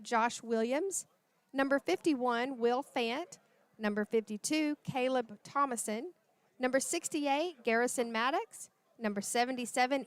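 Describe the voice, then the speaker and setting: A woman's voice: high voice, clean tone, no echo. A woman, announcing for a livestream sports broadcast and reading out lists of names in a chatty way.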